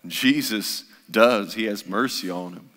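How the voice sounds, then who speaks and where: A man's voice: on the low side, measured pace, a bit bright. A man preaching a sermon as pastor, impassioned and repetitive in his delivery. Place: church sanctuary. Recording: long church hall reverb.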